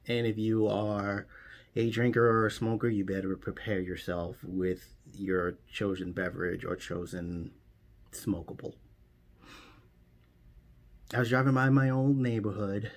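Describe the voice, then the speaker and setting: A man delivering a mock-serious comedy monologue as a rambling, deadpan story. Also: lowish voice. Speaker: comedian doing a parody monologue.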